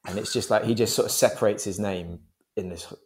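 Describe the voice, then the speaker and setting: A man's voice: fairly low pitch, steady tone, a little fast. A man, a stage actor, talking in an interview with enthusiastic, rambling energy and frequent laughs. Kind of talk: interview talk.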